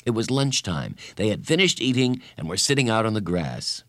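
Brief: male storyteller for an audiobook, lively and varied delivery, dry close sound. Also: fairly low pitch, moderate pace, few pauses, no echo. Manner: expressive storyteller. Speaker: narrator. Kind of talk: audiobook narration.

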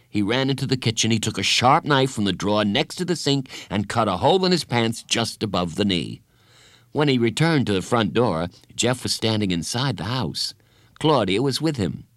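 A man narrating a children's story in an expressive storytelling style. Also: on the low side, moderate pace, no room sound, studio quality. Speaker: audiobook narrator. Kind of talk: scripted narration.

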